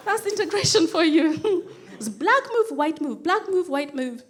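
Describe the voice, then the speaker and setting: A woman's voice: very high voice, very animated, unhurried. A woman doing a stand-up comedy routine, laughing often and acting out characters in squealing voices. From Kenya. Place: comedy stage before a live audience.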